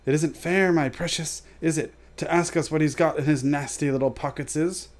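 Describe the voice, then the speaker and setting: A man's voice: fairly even intonation, moderate pace, lightly acted. A man voicing a slimy, desperate cave creature who hisses and wheedles while reading a storybook aloud. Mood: whining hiss. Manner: hissing, wheedling, shrill when upset.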